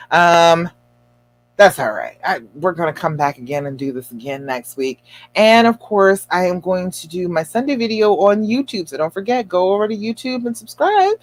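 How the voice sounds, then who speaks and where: A woman relationship coach talking casually to viewers on a livestream, telling a story in an animated, encouraging way. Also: mid-range voice. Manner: chatty storytelling, animated and expressive; encouraging, addresses viewers directly.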